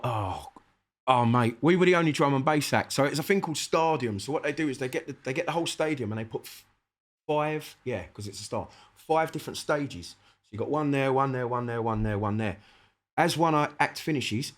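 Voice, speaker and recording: A middle-aged man with a South London accent, a guest MC telling lively, sweary anecdotes in a casual interview, acting out the dialogue. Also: medium pitch, a little fast. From South London, England.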